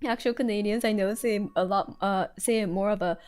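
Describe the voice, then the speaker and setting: A woman's voice: medium pitch, steady tone, normal speed, a little mellow. A young American woman chatting casually on a live stream while she draws, rambling and giggling with lots of fillers.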